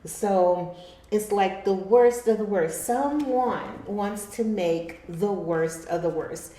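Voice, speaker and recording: In an echoey room, a woman gives her viewers a chatty tarot reading, laughing a lot and calling them darlings. She takes it slowly, her mid-range voice mellow.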